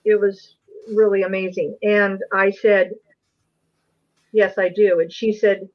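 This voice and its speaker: A woman's voice: medium pitch, flat delivery, slow, pauses often, highs cut off. A woman guest, an investigator, earnestly telling a personal story on an interview show. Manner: earnest, emotional recounting.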